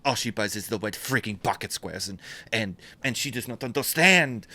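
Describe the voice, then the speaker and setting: A man voicing an excitable, hot-tempered middle-aged tie maker in a put-on, badly done French accent. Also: lowish voice, moderate pace, heavily acted. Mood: indignant.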